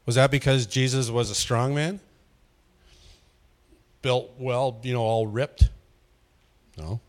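A man's voice: medium pitch, fairly even intonation, takes it slowly. A man giving an informal teaching sermon, asking the room questions and chuckling often. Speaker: pastor leading a Bible study.

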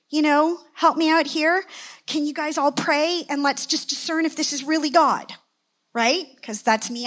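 A middle-aged woman telling a personal testimony in a sermon, acting out the conversations with sudden jumps in pitch. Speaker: church elder and speaker.

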